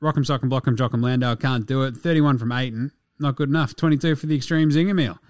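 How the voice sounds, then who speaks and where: A man's voice: medium pitch, no room sound, clean studio sound. Sweary, rambling Australian man. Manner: sweary, rambling, jokey, puts on quick silly voices. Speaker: podcast host. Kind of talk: casual sports chat.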